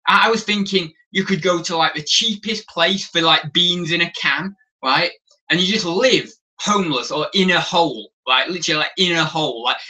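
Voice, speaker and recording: A man's voice: fairly high pitch, bright, forceful tone, far from the mic, poor audio. A young man in his twenties with a British accent, chatting casually on a live stream in a rambling, self-correcting way. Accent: British English. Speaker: vlogger.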